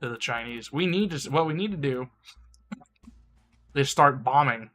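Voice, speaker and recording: A man's voice: mid-range voice, animated, moderate pace, a bit bright, faint music behind. A young man streaming a game, ranting in a crude, mocking way and laughing often. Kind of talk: casual game-stream rant.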